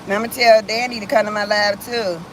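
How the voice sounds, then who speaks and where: A woman's voice: mid-range voice, steady tone, fairly quick. A middle-aged woman from Cleveland, Ohio, chatting casually and cursing freely with viewers on a phone livestream from inside a car. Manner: chatty, profane, laughs often, talks to viewers. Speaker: livestream host. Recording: car and wind noise.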